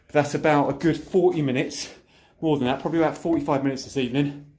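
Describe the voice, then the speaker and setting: A man's voice: on the high side, fast talker, darkish tone. Middle-aged man, breezy and chatty, a bit winded, recorded from a distance in a roomy space. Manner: chatty, breezy, mild swearing. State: out of breath between sets. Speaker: fitness vlogger. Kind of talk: casual workout vlog. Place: home gym at dusk. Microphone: camera set up at a distance. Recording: roomy sound from a distant camera.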